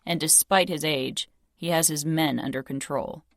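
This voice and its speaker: A woman's voice: low voice, normal speed, dry recording, studio quality. A woman voicing a stern, protective young man, speaking in a clipped, grim way.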